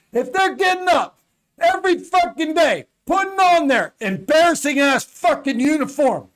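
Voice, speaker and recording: A man, a guest stand-up comedian, delivering a loud comedic rant packed with profanity. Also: very high voice. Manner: loud, profanity-laden, shouting. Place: studio.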